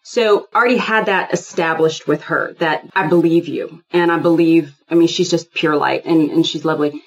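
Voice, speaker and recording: A woman guest in a casual spiritual chat, rambling and animated, often acting out quoted dialogue. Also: sits low, normal speed, dull audio.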